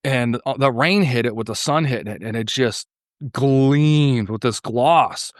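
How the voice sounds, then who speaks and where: A man's voice: unhurried, dry recording, clean studio sound. A man, a podcast guest, telling stories in casual conversation and acting out what people said in a raised voice. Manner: animated storyteller, acts out quotes in a higher voice. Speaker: podcast guest, car YouTuber.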